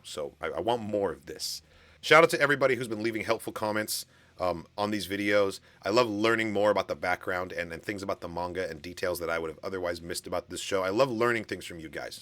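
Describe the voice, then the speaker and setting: Enthusiastic low-voiced man chatting with fans. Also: fairly bright tone, no room sound. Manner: enthusiastic and chatty, with lots of fillers and bursts of laughter. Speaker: anime reaction channel host. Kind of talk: casual reaction commentary to camera.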